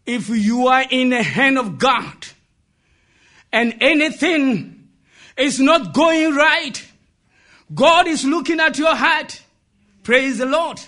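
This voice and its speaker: A man preaching an impassioned sermon, often shouting and putting questions to the congregation. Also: very high voice.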